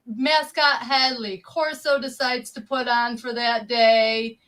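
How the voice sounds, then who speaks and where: A woman's voice: a little high, steady tone, takes it slowly, a bit bright. A woman co-hosting a casual sports podcast, chatty and enthusiastic. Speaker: podcast co-host.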